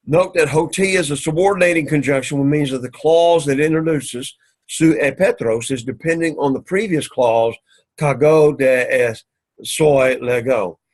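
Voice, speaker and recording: A man teaching an introductory Greek class, explaining line by line and sounding out Greek words slowly and carefully. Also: fairly high pitch, low-quality recording. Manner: methodical, repeats "so again", slow careful Greek pronunciation. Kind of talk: recorded class lecture.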